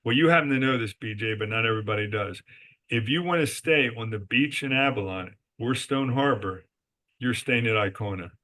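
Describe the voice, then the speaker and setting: A man's medium-pitched voice comes across bright and forceful, moving a little fast. As a resort company executive being interviewed on a podcast, he tells business stories emphatically and answers the rhetorical questions he poses.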